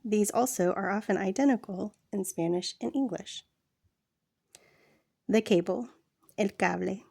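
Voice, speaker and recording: A woman reading a language textbook aloud as a read-along lesson, slow and deliberate, with casual asides to the listener. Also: medium pitch, vocal fry, dark tone, husky, no echo, studio quality.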